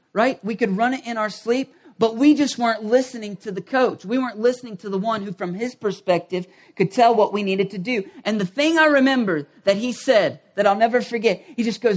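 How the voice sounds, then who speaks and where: A man preaching a sermon as pastor, animated, acting out quoted voices and rising toward shouts. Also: very high voice. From United States.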